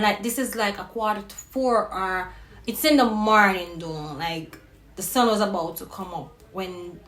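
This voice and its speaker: A woman vlogger telling a personal story in a casual, animated and profane way. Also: medium pitch. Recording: roomy with faint noise.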